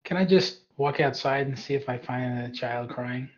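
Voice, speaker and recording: Male player, relaxed and hesitant, dull lo-fi mic sound. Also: medium pitch, moderate pace. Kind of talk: casual tabletop game chat.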